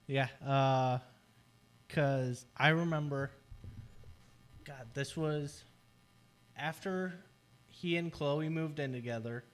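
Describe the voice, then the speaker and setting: A young adult man co-hosting a podcast in casual chat, telling stories in a relaxed way with restarts. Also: on the high side, slow pace, pauses often. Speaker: podcast co-host.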